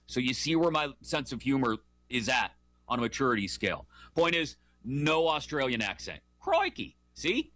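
Man, 30s to 40s, sports talk host. Animated, opinionated, bright tone, dry sound. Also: medium pitch, no room sound. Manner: animated, jokey, emphatic.

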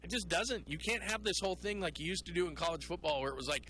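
A man hosting a call-in sports radio show, talking in an animated, rambling way and mocking people in put-on voices. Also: high-pitched, quick pace, rough recording.

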